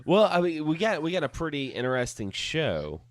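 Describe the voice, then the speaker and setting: A young man co-hosting a podcast, talking casually in a relaxed, easygoing way with plenty of fillers. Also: a little high, fairly quick, no room sound, clean studio sound. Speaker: podcast co-host. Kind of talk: casual chat.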